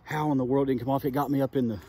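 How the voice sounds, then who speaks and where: A man vlogging his fishing outdoors by a creek, excited and rambling in a folksy way, recorded on a phone held at a distance. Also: mid-range voice, racing, slightly rough. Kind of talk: casual outdoor vlog talk. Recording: faint phone audio from a distance.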